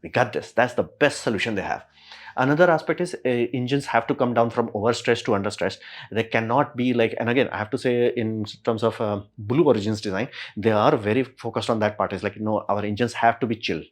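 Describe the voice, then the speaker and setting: A man at a middle pitch talks through a technical topic in a relaxed, slang-filled way. He is animated and keeps slipping into quick acted-out reactions as he explains. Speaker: YouTube tech explainer. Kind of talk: casual spoken explainer.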